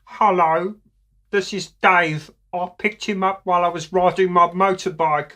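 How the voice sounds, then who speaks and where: A man doing chatty young Essex girl, raised high voice, breezy, sing-song. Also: fairly even intonation, a little slow, pushed and bright. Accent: Essex (put on).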